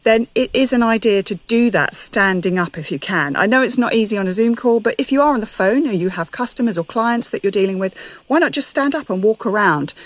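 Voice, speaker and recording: A woman's voice: mid-range voice, lively intonation, a little fast, poor audio. A woman chats to her followers on a live stream from outdoors in her garden, her voice sitting in a middle register. She is a little out of breath, upbeat and talkative, and keeps asking her viewers questions. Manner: chatty, upbeat, asks viewers many questions. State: slightly out of breath. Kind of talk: casual live chat to viewers.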